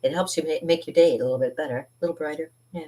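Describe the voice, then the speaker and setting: A middle-aged woman with a low, mellow voice talks rapid-fire while hosting a live art stream from her home studio. Her chat is playful and rambling, with frequent laughs.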